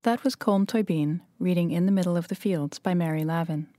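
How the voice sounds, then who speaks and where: A woman, a fiction editor, hosting a podcast and reading a clear, scripted outro. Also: lowish voice, brisk, warm tone, dry recording, studio quality.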